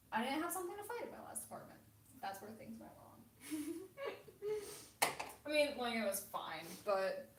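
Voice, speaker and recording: A woman chatting casually on her livestream with a high, lively voice that jumps around a lot. She laughs easily, pokes fun at herself and sometimes slides into vocal fry. The sound is roomy and a little distant from the mic. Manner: chatty, self-deprecating, laughs often. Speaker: livestream host. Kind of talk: casual chat.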